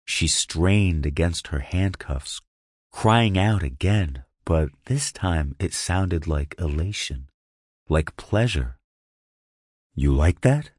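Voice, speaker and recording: A man narrating an erotic audio story with a slow, hushed, lingering delivery on a close mic. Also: deep voice, animated, breathy edge, dry recording.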